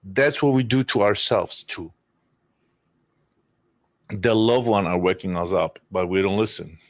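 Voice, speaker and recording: A man's voice: fairly low pitch, measured pace, no room sound. A man, telling emotional personal stories in a candid conversation, rambling and restarting, with swearing. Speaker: podcast guest.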